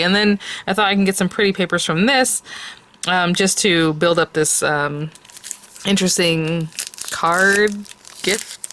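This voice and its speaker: A woman's voice: fairly low pitch, fairly bright tone, slight background noise. A woman hosting a casual papercraft tutorial, chatty and rambling, often laughing between thoughts. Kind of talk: casual craft tutorial chat.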